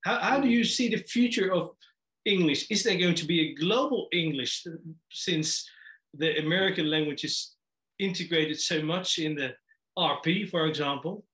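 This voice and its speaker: A male interviewer asks his questions haltingly, pausing and restarting often. His voice is slightly high for a man and rings in an echoey room. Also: a bit bright. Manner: hesitant, many fillers and restarts.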